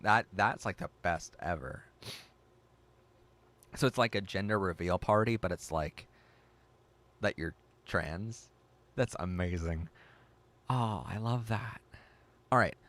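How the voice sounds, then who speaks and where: An excitable man hosting a casual livestream, reading chat aloud and reacting with gasps. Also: deep voice. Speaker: livestream host.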